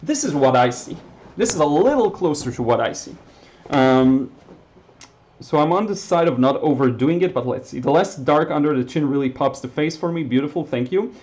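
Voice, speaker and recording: A man from Israel, Hebrew speaker, teaching watercolor live and chatting with viewers in a relaxed way with many fillers. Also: a little high, moderate pace. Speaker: watercolor painting instructor. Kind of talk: live-stream painting demo, reading chat.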